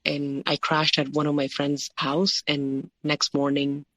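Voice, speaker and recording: A woman's voice: sits low, little pitch movement, a little slow, a bit bright, no echo, rough recording. A woman, a podcast guest, recounting a personal story in a rambling way, with many fillers and quoted dialogue. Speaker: guest sharing her story.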